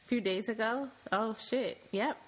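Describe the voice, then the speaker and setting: A woman's voice: on the high side, normal speed, poor audio. A woman co-hosting a casual podcast, talking conversationally and thinking aloud with frequent ums. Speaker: podcast co-host.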